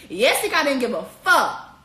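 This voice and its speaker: A woman giving a blunt, profane, animated comedic recap full of slang. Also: high voice, normal speed. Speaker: vlogger recapping a reality show. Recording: echoey room.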